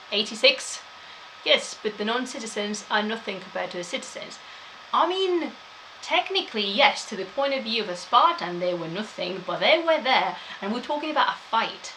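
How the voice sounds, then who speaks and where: Woman streaming a history lesson, bright voice, laughs a lot, chats w/ viewers, faint hum behind. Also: medium pitch, low-quality recording. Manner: chatty, laughs often, animated asides. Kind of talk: live-streamed history talk, reading chat.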